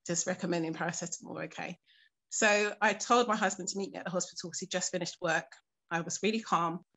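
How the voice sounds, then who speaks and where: Earnest woman, halting testimony. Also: lowish voice, steady tone, fairly bright tone. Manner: earnest, halting storytelling with frequent pauses and fillers; keeps her composure while recounting something painful. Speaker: interviewee. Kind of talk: personal testimony in a documentary interview.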